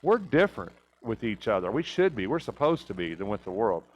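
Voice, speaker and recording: A man's voice: fairly low pitch, sing-song, fairly quick, slight background noise, rough recording. A man teaching a church Bible class, asking rhetorical questions and often checking in with "right?".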